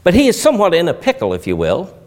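A man's voice: high voice, huge pitch swings, fast, darkish tone. A man preaching a sermon, with emphatic rises and drops and folksy turns of phrase.

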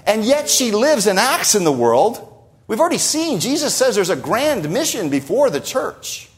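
A male preacher delivers a sermon with emphatic stresses and frequent rhetorical asides. His voice sits a little high and swings widely in pitch. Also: very animated, normal speed.

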